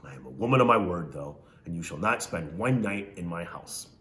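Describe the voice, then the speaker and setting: A starchy, pompous foster mother of middle age, voiced by a man reading a storybook aloud. She scolds in stiff, formal sentences, every word a reproach. The voice stays low and firm. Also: expressive, a little fast, fairly bright tone. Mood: stern scolding. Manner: haughty, formal, scolding diction.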